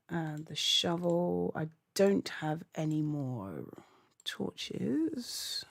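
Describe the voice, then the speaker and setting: A woman chats her way through a game session on a desk mic, her low voice edged with gravel. She rambles, laughs often and drops into muttered asides, with a lively, swooping delivery. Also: drawn-out words. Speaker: gaming channel host. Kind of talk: casual gameplay commentary.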